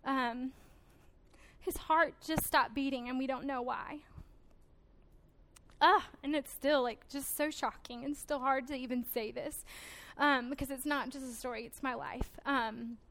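A woman's voice: high-pitched, fairly even intonation, a little slow, fairly bright tone. A young woman giving an earnest, emotional personal testimony at a conference, with frequent hesitations. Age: 20s. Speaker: conference speaker.

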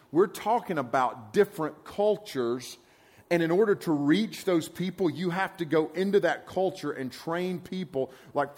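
A middle-aged man, giving a rambling, folksy talk to a youth camp and often checking that his listeners follow him. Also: on the high side. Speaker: camp speaker. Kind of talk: conversational sermon to a youth group.

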